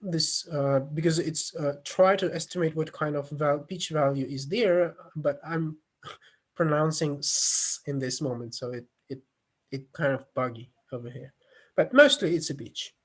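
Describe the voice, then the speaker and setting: Male lecturer, slow and halting, slightly raised pitch, teaching over a video call. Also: breathy edge. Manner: halting, many fillers and restarts, non-native phrasing. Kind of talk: online lecture with screen demo.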